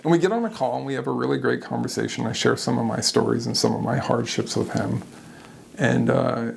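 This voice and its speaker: A man speaking as an interview guest, candid and animated, often laughing at himself as he tells his own story. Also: mid-range voice, brisk, vocal fry, slight background noise.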